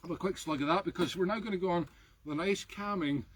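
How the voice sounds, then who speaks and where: A man's voice: quick pace, slightly rough. A Scottish man hosting a live music stream, joking playfully and mocking himself. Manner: playful, self-mocking, with sudden high squeals at the dog. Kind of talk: jokey live-stream banter. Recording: noisy background.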